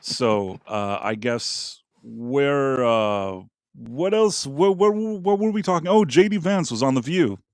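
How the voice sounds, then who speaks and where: A man's voice: mid-range voice, expressive, takes it slowly, few pauses, a little mellow, no echo, clean studio sound. A man hosting a casual live-streamed talk show, giving blunt, opinionated takes with some profanity as he rambles from topic to topic. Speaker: podcast host.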